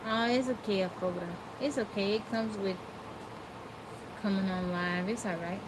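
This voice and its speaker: A woman hosting a casual live stream, chatting with viewers and greeting them by name, recorded on a phone in a quiet room at home. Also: medium pitch, steady tone, normal speed, noisy background. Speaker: livestream host.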